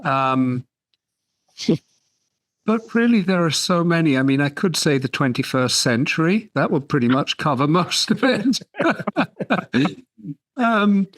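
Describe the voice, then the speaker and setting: A man guesting on a casual podcast as an editor and author, wry and unhurried, chuckling as he talks. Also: on the high side, very animated. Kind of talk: casual chat.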